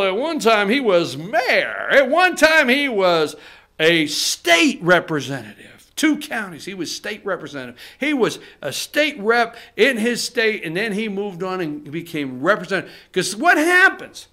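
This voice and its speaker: A man's voice: very high-pitched, sharp tone. A man hosting a political talk show, ranting heatedly to the camera, swearing and repeating himself as he lectures viewers directly. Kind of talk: fired-up political rant to camera. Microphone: studio camera.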